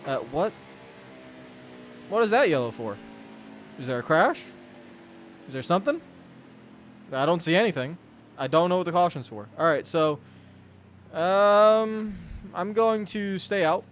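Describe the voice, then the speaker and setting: A gaming channel host with a voice on the high side commentates his racing game at a moderate pace, animated yet broken by long pauses. His exasperated rants ramble and stop short, set against game music, car engines, and a little hiss or hum.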